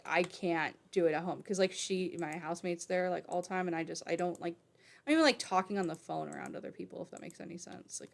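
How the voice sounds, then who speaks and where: A woman streamer talks in a fairly low voice with a gravelly fry running through it. Her casual commentary rambles from one point to the next, full of fillers and frequent swearing. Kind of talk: casual commentary while reading an article aloud.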